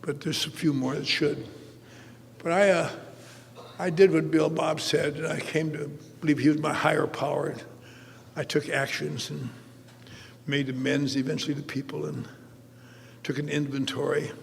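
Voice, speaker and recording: A man's voice: a little high, little pitch movement, normal speed, vocal fry, long pauses, slight background noise. An older man giving a humorous storytelling talk as a recovery meeting speaker, with a wry manner and acting out the dialogue in his stories. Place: large convention hall. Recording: live talk with long hall reverb.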